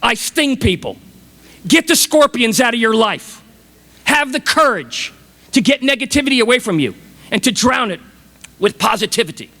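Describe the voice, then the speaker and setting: A man's voice: extremely high pitch, lively intonation, normal speed, pushed and bright, in a large hall. A man giving a commencement speech, enthusiastic and dramatic, telling stories to a large audience. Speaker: commencement speaker. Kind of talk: motivational speech. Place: large graduation ceremony venue.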